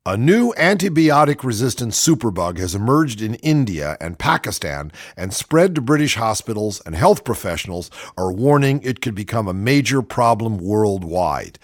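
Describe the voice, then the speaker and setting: A man's voice: fairly low pitch, very animated, moderate pace, few pauses, dry recording, clean studio sound. A man co-hosting talk radio, reading news items aloud and adding sarcastic quips. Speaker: radio co-host.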